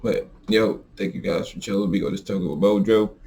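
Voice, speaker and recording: Man, low voice, casual rant, profane storytelling, faint background noise. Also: normal speed. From American South. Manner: animated, profane, swings into high exaggerated quoted voices. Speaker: podcast host.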